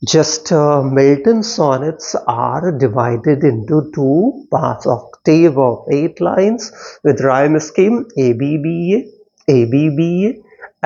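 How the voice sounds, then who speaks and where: A man teaching a line-by-line poetry lesson in a slow, halting way, repeating himself and correcting his slips, and drawing out syllables as he sounds out words. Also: medium pitch, mellow. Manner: slow, halting delivery with many repetitions and self-corrections. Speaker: English literature teacher. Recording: dull lo-fi recording.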